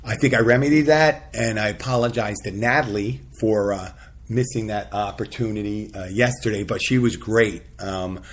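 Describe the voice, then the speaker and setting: A man's voice: fairly low pitch, moderate pace. A man hosting a casual podcast, talking in a rambling, self-deprecating way and laughing often. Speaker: podcast host.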